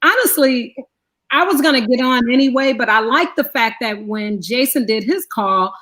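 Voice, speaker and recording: A woman co-hosting a casual chat, telling a story with animated storytelling and acting out what people said. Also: a little high, normal speed, rough recording. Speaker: co-host.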